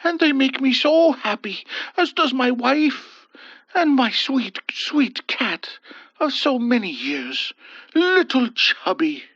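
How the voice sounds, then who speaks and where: A man voicing a gentle, doting old husband who is stubborn, with a soft cooing manner. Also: extremely high pitch, very animated, slow pace, no room sound, pitched above the performer's own voice, full character voice. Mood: tender. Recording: dull dry lo-fi voice.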